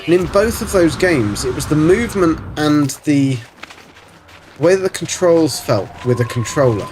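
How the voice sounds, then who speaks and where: A man's voice: medium pitch, background noise. A man from Germany hosting a livestream, chatting casually as he plays, rambling and swearing playfully. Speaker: livestream host. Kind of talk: casual gaming commentary.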